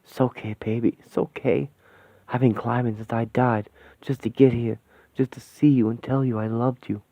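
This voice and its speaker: A man voicing a gruff, slangy ghost father in a radio play. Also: little pitch movement, moderate pace, no room sound, close to an everyday voice. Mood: tender. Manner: rough slangy talk, lowered gruff voice. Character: ghostly street-tough father, gruff and tender. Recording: thin phone-like, dry sound.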